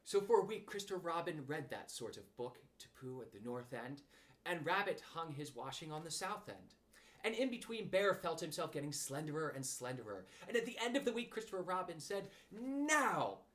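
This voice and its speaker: A man reads a children's storybook aloud with animated expression. His voice sits a little high and swings widely in pitch. The reading is lively and playful throughout. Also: a little fast. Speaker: audiobook reader.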